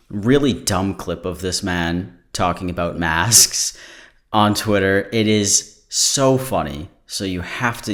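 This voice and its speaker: A man's voice: deep voice, fairly bright tone. A tired man hosting a podcast, chatting casually in a joking, rambling way and swearing freely. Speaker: podcast host.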